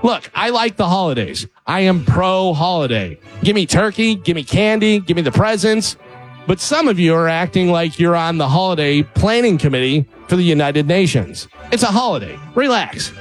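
Sarcastic radio co-host, fairly high voice. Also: male voice, lively intonation, moderate pace, faint music behind. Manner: sarcastic, punchy delivery. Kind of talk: comedic open-letter monologue, then casual banter.

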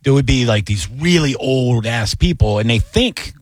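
A man chatting casually as a comedian and podcast co-host, telling stories with lively voices. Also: mid-range voice, moderate pace, dry recording, studio quality. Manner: animated storytelling with voices. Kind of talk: casual chat.

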